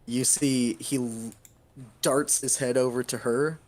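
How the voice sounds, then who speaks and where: A man narrating as game master of a tabletop game, halting often with fillers. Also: mid-range voice, steady tone, a little mellow.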